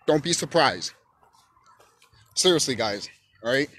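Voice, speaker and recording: A man ranting on his own channel in a loose, profane monologue. His voice keeps swinging into emphatic shouting. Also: mid-range voice, lively intonation, unhurried. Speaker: YouTube channel host.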